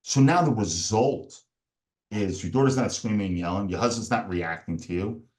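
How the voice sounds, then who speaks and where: In a podcast interview, a performance coach walks through a method step by step, briefly acting out the angry inner voices of people in his story. His voice sits on the low side with a darkish tone at a normal speed.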